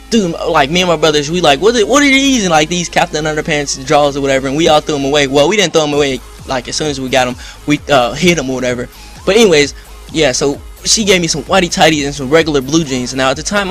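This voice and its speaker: A young man rambling excitedly through a story to his viewers, full of slang and fillers. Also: fairly high pitch. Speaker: vlogger. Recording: music in background.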